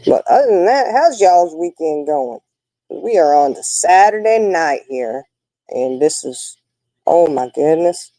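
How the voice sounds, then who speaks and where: A woman's voice: sits low, expressive, measured pace, warm tone, no room sound, low-quality recording. An older woman, hosting a casual chat with viewers and telling folksy stories. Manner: folksy, chatty storytelling. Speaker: livestream host.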